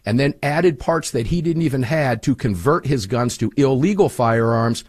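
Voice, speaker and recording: A man's voice: medium pitch, lively intonation, moderate pace, darkish tone, dry recording, studio quality. A man who hosts his own program, telling stories with emphasis as a guest on a political talk show. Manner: emphatic, storytelling. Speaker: radio host. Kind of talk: political talk radio interview.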